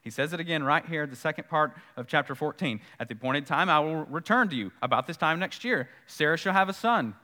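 A man's voice: fairly high pitch, animated, fairly quick, hardly any pauses, bright, forceful tone, long reverb tail. A man preaching a sermon in a conversational way, repeating key points for emphasis and acting out the dialogue of scripture. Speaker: pastor.

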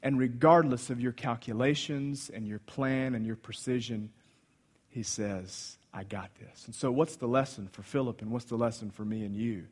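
A man preaching a sermon, swinging between loud exclamations and hushed asides as he retells a Bible story. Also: mid-range voice, fairly even intonation, normal speed, few pauses, slightly rough. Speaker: pastor.

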